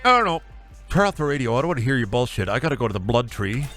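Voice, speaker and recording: Male streamer, casual gaming commentary, animated pitch, bright tone, salty language. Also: very fast, faint music behind. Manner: rambling, swears freely, lively reactions.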